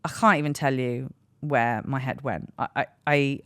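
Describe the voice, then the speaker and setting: Speaking at a moderate pace with a steady, smooth, fairly bright tone, a stand-up comedian in her thirties hosts a comic podcast. Her low voice rambles through a frankly self-deprecating story with restarted sentences, captured dry and close on a studio mic without echo.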